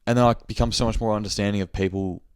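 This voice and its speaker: A man's voice: fairly low pitch, steady tone, racing, darkish tone, clear, resonant tone, dry recording, studio quality. A young man hosting his own podcast, chatting loosely on his own with lots of fillers and casual swearing. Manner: loose and rambling, heavy filler "like", frequent swearing. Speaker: podcast host. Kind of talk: casual solo chat.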